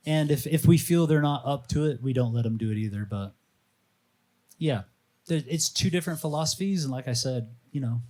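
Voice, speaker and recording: A man speaking as a fasting coach on a live panel, telling stories in a casual, animated way and acting out the voices of people he quotes. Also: mid-range voice. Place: outdoor or open venue at a live panel.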